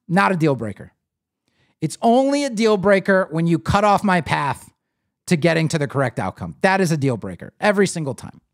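A man hosting a live web design stream, casually explaining as he clicks through a site builder and talking to viewers. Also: high voice. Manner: casual, animated, talks to viewers while clicking. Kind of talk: live screen-share tutorial.

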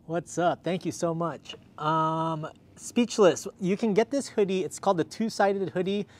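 A man's voice: high voice, fairly even intonation, measured pace. Upbeat man hosting a casual livestream. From Southern California. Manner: upbeat, thanking viewers by name. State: out of breath. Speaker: livestream host. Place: outdoors in cold weather.

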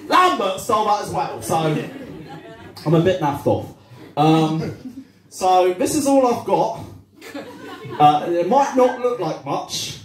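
Young man, stand-up comedy set, rambling, self-deprecating, lively pitch, slow pace, roomy venue, distant mic. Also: slight background noise. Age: young adult. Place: cafe-bar comedy night.

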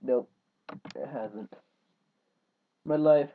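A man rambling casually to his viewers in a vlog, trailing off into low mumbles and then bursting into loud rants. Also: drawn-out words. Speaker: vlogger. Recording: dull lo-fi home recording.

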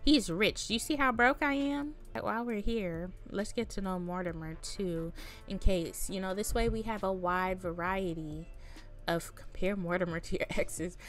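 A woman hosting a casual let's-play, chatting to viewers in an animated, exclaiming way with frequent laughs and slang. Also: medium pitch, unhurried, faint music behind. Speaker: gaming channel host.

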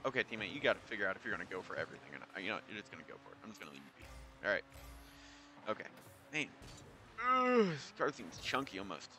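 A man gives casual, chatty gameplay commentary in a bright voice, with pitch that swings widely. He thinks out loud and now and then breaks into excited high yelps. Faint game music plays behind him. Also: rapid-fire. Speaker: YouTuber.

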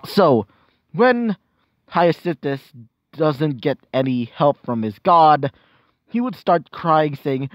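A man's voice: fairly high pitch, expressive, takes it slowly, dry recording, muffled recording. Rambling man narrating fan fiction. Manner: rambling and casual, many fillers and self-corrections. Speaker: storyteller.

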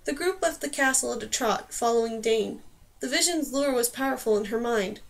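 A woman narrating a fantasy novel aloud in a steady, expressive reading. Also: on the high side, moderate pace, vocal fry. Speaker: audiobook narrator. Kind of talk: scripted narration.

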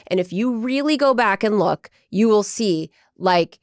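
Woman comedian, podcast guest, emphatic gossip, quick asides, dry sound. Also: mid-range voice, expressive, no room sound. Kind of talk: casual gossip chat.

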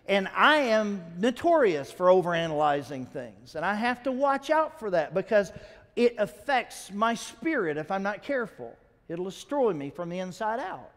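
A male pastor preaching a sermon in a church, talking to the congregation in a conversational way and asking them questions. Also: high-pitched. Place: church sanctuary. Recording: long hall reverb.

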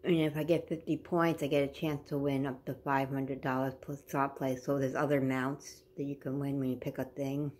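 A woman in her forties chatting casually on a home vlog, rambling between everyday news and soft baby talk to her dog. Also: very deep voice, level tone, moderate pace, hardly any pauses. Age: 40s. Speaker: vlogger.

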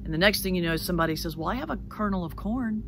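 A middle-aged woman pastor giving a sermon, telling a folk tale in an animated way and slowing down to stress key words. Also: lowish voice, background noise. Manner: animated storyteller, slows for emphasis. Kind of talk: sermon with storytelling. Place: church sanctuary.

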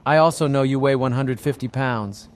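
A man's voice: mid-range voice, moderate pace, lightly acted. Smug nosy schoolboy in a told joke, voiced by a man. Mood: cheeky. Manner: boastful, blunt questioning. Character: cheeky young boy, nosy and smug.

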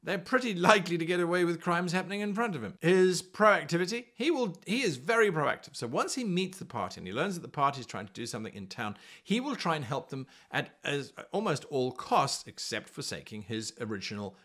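A man talks through his game master advice in a tutorial. He explains in a chatty, animated way. His voice sits a little high and swings widely in pitch. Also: fairly quick, hardly any pauses. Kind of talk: tutorial talk to camera.

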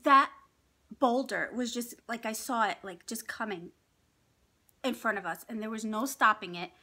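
A middle-aged woman vlogger telling a story in casual chat, animated and laughing often as she acts out what people said. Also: a little high, moderate pace, slight background noise. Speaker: mukbang vlogger.

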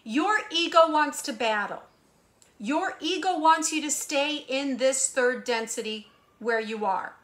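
A woman giving a spiritual guidance monologue as a hypnotherapist and intuitive channeler. She speaks emphatically and preaches through rhetorical questions, moving between hushed asides and raised emphasis. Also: high voice, expressive, measured pace.

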